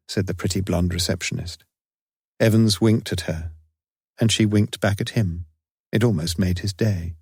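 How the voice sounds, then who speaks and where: A man reading a crime story aloud in measured, even storytelling narration. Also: deep voice, slightly rough, no room sound, clean studio sound. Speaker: audiobook narrator. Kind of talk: scripted narration.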